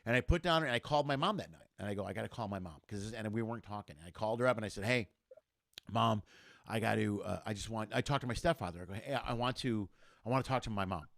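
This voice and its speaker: Middle-aged male comic guest, rapid animated storyteller, dry close mic. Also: on the low side, creaky, no echo. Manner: animated storyteller, acts out quoted voices. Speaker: comedian guest. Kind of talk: casual storytelling chat.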